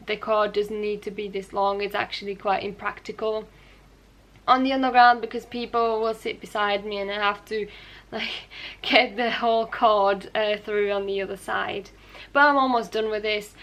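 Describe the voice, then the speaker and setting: Showing off her knitting on her own podcast, a young woman talks in a mid-range, fairly bright voice. The chat is relaxed and a little meandering, with soft laughs and the occasional self-correction.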